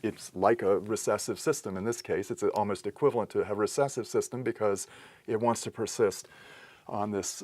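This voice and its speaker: Male lecturer, lowish voice, patient and methodical, screen-recorded lesson. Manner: patient, explanatory, with pauses and restarts. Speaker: teacher. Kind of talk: recorded lecture on Greek accents.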